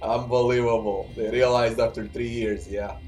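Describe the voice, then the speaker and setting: A man's voice: mid-range voice, steady tone, moderate pace, a little mellow, soft background music. A man giving casual gameplay commentary with sardonic asides. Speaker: let's play host.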